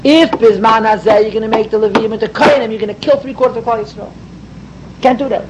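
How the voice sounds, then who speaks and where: A man's voice: extremely high pitch, fast talker, noisy background. A man giving an emphatic Torah class, explaining mystical ideas and mixing in Hebrew and Yiddish terms. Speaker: rabbi teaching Torah.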